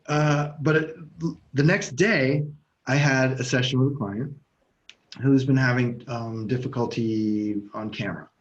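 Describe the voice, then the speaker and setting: A man co-hosting a podcast as an NLP coach, telling stories in a loose, animated way and swearing freely. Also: medium pitch, unhurried. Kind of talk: casual conversation. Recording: slightly dull, muffled sound.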